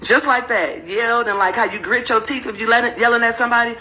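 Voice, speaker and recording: A woman's voice: fairly high pitch, fast talker, poor audio. A woman telling her own story to viewers candidly and animatedly. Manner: animated, acts out quotes in raised voice.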